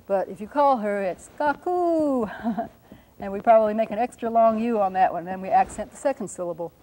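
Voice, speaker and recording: Mellow-voiced woman teaching phonetics. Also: medium pitch, low-quality recording. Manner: slow, careful demonstration of pronunciations. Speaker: linguist giving a talk. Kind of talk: explaining phonetic symbols.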